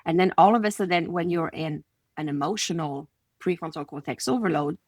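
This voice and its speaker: Quebec French-accented woman, low, dry. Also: fairly quick, no room sound. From Quebec City, Canada. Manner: animated, acts out little scenes in quoted voices. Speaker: guest, confidence coach. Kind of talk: conversational podcast interview.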